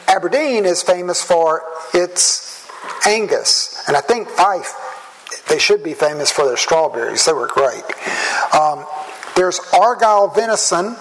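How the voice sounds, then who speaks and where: A man with a Southern American accent, a pastor preaching a sermon in a measured, earnest way. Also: sits high, a little hiss or hum, rough recording. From southern United States. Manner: measured, slow and earnest, with drawn-out words. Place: church.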